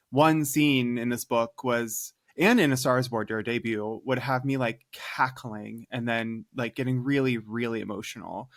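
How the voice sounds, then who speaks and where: Male podcast co-host, mid-pitched, chatty interviewer. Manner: lively, fillers like "like". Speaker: co-host, editor. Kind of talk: casual interview talk.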